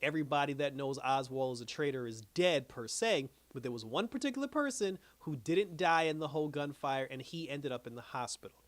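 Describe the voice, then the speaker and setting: Guy retelling an episode, rambling, lots of fillers, a little high. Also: expressive, brisk, few pauses, dry recording. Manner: loose and rambling, heavy on fillers and restarts. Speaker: TV series reviewer. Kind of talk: casual plot recap.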